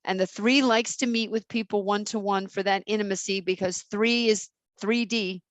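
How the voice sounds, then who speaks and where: A woman's voice: medium pitch, steady tone, normal speed, dry recording. A woman hosting a podcast interview, talking in an enthusiastic, playful, teaching way. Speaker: podcast host. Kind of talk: casual interview chat.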